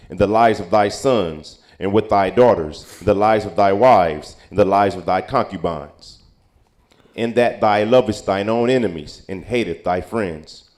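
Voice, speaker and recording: A man reading old-style Bible verses aloud at a steady pace, now and then stumbling over a word. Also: lowish voice. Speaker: scripture reader.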